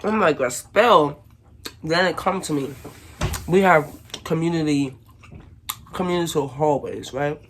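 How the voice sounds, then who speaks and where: Animated woman from Brooklyn telling a story. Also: low-pitched, takes it slowly, pauses often, a little hiss or hum. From Brooklyn, New York. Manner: animated, acts out shouted quotes. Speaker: vlogger. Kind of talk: casual storytime.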